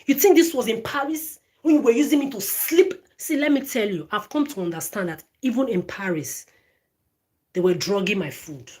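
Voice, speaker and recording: A woman's voice: fairly high pitch, lively intonation, brisk, few pauses, dark tone. A woman ranting straight at her phone camera, swearing often, stammering and repeating words and phrases. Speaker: vlogger. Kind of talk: angry direct-to-camera rant.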